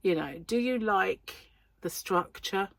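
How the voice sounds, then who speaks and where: A woman's voice: mid-range voice, slow pace, gravelly, a bit bright, dry recording. An English woman chatting casually on her crochet vlog, rambling along with lots of ums, her throat still a little sore. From England. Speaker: crochet vlogger. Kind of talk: casual chat.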